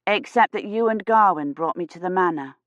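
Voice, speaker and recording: Woman reading as a soft-spoken young historian. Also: on the low side, brisk, dry recording, muffled recording, close to an everyday voice. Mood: quiet. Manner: soft, apologetic. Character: young woman historian, frightened but polite.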